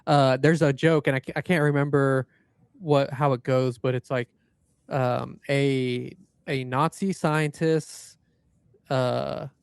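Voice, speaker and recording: Male podcast co-host, loose and rambling, mid-pitched, dry sound. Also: steady tone, gravelly, smooth, no echo. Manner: rambling, loose, quick asides. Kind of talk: casual chat.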